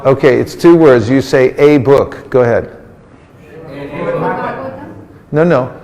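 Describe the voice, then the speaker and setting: At a moderate pace and medium pitch, with a slightly mellow tone, a religious teacher leads an interactive sermon. He teases and coaxes the group into calling back answers. The recording carries a large hall's long reverb.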